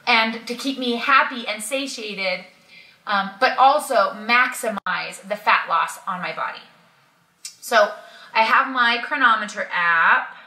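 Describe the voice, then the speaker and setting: A woman's voice: on the high side, bright, forceful tone, recorded from a distance. A woman vlogger giving casual, chatty instructions with frequent ums, talking about meal planning. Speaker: keto vlogger. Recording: echoey room, a little off-mic.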